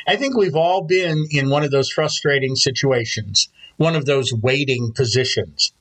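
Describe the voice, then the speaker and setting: A man, a pastor, preaching a Sunday sermon, opening with a prayer and telling stories in a calm, steady way. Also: medium pitch, normal speed, low-quality recording.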